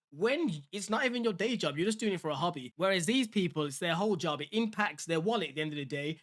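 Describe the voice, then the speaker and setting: Guy vlogging fitness reactions, rattles it off quick, kinda high voice, chatty and opinionated. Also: a bit bright. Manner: chatty, opinionated, addresses viewers directly. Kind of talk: casual reaction commentary.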